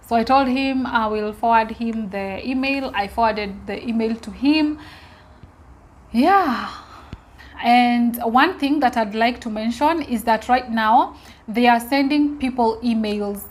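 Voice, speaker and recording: A woman's voice: on the high side, a little slow. A young woman from Kenya telling viewers a personal story in a casual, emotional way, often repeating herself and speaking to them directly. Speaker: vlogger.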